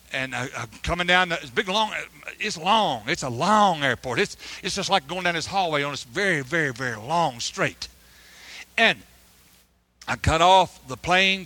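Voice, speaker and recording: Preacher guy, high bright voice, stammers and restarts a lot, throws in hallelujahs, dry close sound. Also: dry recording. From United States. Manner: animated storytelling, stammering restarts, frequent hallelujahs. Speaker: preacher, missionary. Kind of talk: sermon with personal testimony.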